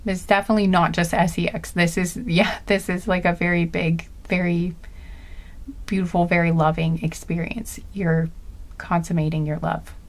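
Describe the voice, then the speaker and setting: A woman's voice: fairly low pitch, little pitch movement, normal speed. Meandering woman giving an intuitive reading. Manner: meandering, searching aloud for words. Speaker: intuitive card reader. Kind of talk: spoken intuitive reading, casual monologue.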